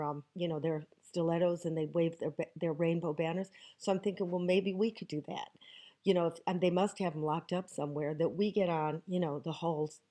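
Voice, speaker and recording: A woman's voice: fairly low pitch, mellow. A woman hosting a casual to-camera question segment outdoors, talking in a wry, joking way with emphatic asides. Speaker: host answering viewer questions. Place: outdoors in the countryside.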